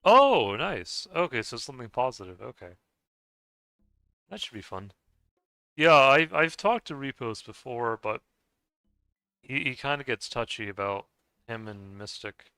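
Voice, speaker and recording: A man from the United States, a gaming streamer, chatting casually while he plays, rambling and halting with many restarts and soft chuckles. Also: medium pitch, animated, clean tone, dry recording. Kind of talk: casual chat while playing a game.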